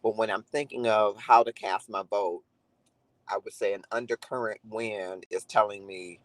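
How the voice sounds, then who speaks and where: A man's voice: fairly low pitch, steady tone, normal speed, no echo, rough recording. A man talking earnestly and reflectively to viewers on a live stream, greeting commenters by name. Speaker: livestream host. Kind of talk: casual live chat to viewers.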